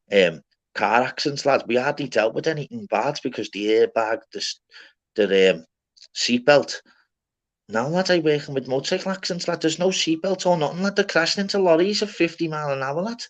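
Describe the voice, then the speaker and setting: A man in casual chat who swears constantly, calls everyone lad and mate, and rambles bluntly. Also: mid-range voice. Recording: slightly dull lo-fi audio.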